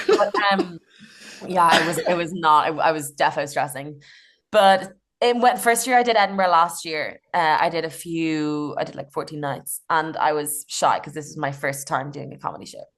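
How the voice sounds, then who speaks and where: A woman's voice: deep voice, normal speed, fairly bright tone. A young woman, a comedian guest on a podcast, telling stories in a chatty way, laughing often and swearing casually. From Ireland.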